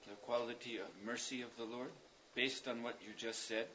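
A man leading a religious class, explaining ideas at length in a thoughtful, meandering way with pauses and fillers. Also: medium pitch, steady tone, pushed and bright, a little hiss or hum. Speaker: spiritual teacher leading a class. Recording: dull lo-fi recording.

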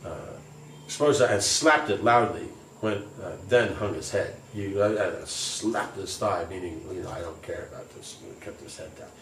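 A man's voice: lowish voice, moderate pace, slight background noise. A man reading scripture aloud and explaining it casually, with many fillers, in a distant, roomy recording. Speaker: scripture teacher. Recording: roomy, distant, faint ambience.

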